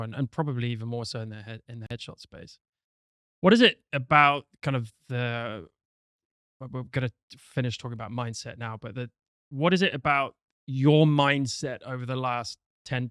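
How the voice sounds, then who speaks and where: A male podcast host interviewing a guest, his phrasing thoughtful and a little hesitant. His voice is smooth and resonant at a middle pitch. The recording is dry and close. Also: a bit bright, no echo. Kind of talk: interview questions.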